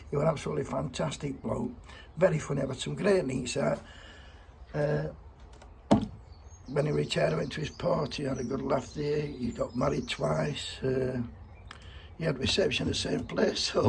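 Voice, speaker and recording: A man's voice: a little high, vocal fry, background noise. A middle-aged man giving a blunt, heartfelt spoken tribute and swearing freely.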